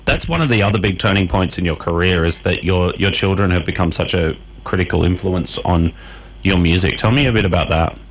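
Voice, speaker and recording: An Australian man hosting a radio show, with a lowish voice. He asks questions and wraps up in friendly, chatty patter. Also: fairly quick. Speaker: radio host. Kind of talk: radio interview.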